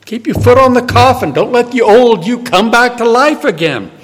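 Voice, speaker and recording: A man preaching a sermon in an emphatic way, swinging from loud declarations to hushed storytelling. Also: extremely high pitch, expressive, moderate pace. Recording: long reverb of a hall.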